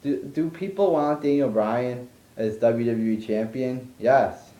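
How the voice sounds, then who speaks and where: A man's voice: mid-range voice, unhurried, mellow, reverberant, dull audio. A man delivering an exasperated, profane, rambling rant as a wrestling commentary vlogger, stumbling over restarts. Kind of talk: ranting monologue.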